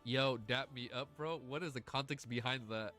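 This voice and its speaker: A man streaming casually, chatting excitedly with his audience, swearing and gushing, at times near tears. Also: mid-range voice, moderate pace, faint music behind. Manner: excitable, swears often, gushes and laughs. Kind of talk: casual livestream chat.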